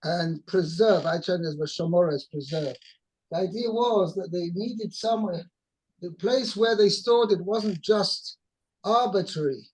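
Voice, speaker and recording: Slow, high-voiced man teaching a text. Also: husky, poor audio. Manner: explains slowly, with many restarts. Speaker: Torah teacher. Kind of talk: text study lesson.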